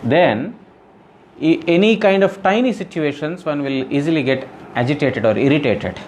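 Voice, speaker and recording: A man's voice: a little high, expressive, moderate pace, darkish tone, a little hiss or hum. A man giving a devotional scripture lecture, explaining earnestly and repeating phrases with frequent "you know". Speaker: spiritual teacher.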